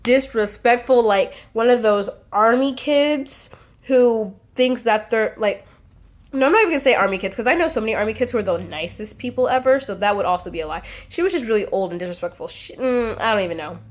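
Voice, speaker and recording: A woman's voice: fairly high pitch, moderate pace, a little mellow. A young adult woman telling a casual storytime to her vlog audience, chatty and full of "like" fillers. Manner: chatty, frequent "like" fillers, acts out quotes. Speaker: vlogger.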